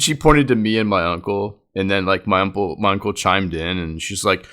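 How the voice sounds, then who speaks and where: A man's voice: sits low, brisk, hardly any pauses, a bit bright. A man casually telling a family story in a rambling way, full of "like" fillers.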